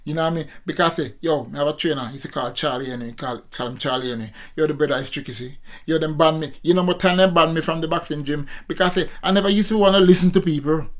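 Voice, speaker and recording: A man's voice: fairly high pitch, rapid-fire, few pauses. A Jamaican man around sixty, a former amateur boxer, talking to his viewers in a casual vlog monologue, preachy and repetitive, always calling out to his audience. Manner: preachy, repetitive, keeps addressing viewers as people.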